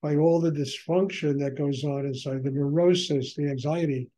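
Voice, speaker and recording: An older man giving a reflective spiritual talk as a teacher, unhurried, full of "you know" fillers and lists of repeated phrases. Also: fairly high pitch, steady tone, dark tone, low-quality recording.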